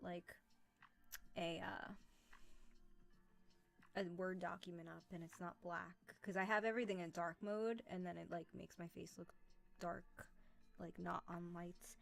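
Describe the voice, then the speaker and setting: A woman's voice: lowish voice, fairly even intonation, moderate pace, gravelly. Young woman, chatty live-stream talk, rambling with fillers, home desk mic. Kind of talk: casual live-stream chat.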